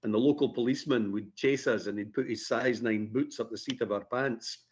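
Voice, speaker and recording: A Scottish man chats as a radio guest, easygoing and self-deprecating, pausing on fillers as he spins stories. His voice sits mid-range, and the sound is slightly dull. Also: medium pitch, steady tone. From Scotland. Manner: chatty, self-deprecating storyteller with many fillers. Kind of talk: radio interview.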